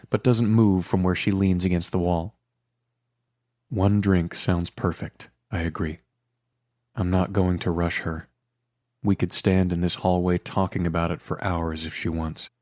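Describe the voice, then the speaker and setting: Brief: male narrator with a very low voice for a romance audiobook, intimate and measured, dry close-mic studio read. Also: a little mellow, no room sound.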